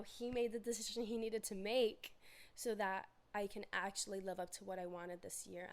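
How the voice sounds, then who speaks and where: A young adult woman hosting her own podcast, chatting casually and animatedly, laughing often and acting out her inner voice in quick asides. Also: medium pitch. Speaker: podcast host. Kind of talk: casual solo podcast chat.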